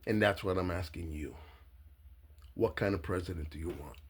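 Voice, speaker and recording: A Cuban-born man, a political candidate, giving a profane, blunt political monologue that swings between low asides and shouting. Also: moderate pace, pauses often, breathy edge. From Cuba.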